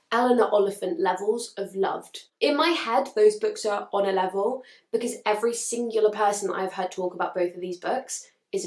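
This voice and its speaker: A woman chatting to camera about books she wants to read, gushing and hedging, a little hoarse as she is losing her voice. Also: mid-range voice, roomy sound. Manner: chatty and gushing, with frequent hedges. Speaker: book vlogger. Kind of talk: casual chat to camera.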